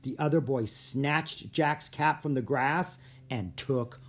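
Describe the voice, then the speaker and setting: An audiobook narrator reading a children's chapter book aloud, breaking into sudden loud, high shouts for the characters. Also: slow pace, slight background noise. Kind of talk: storybook read-aloud.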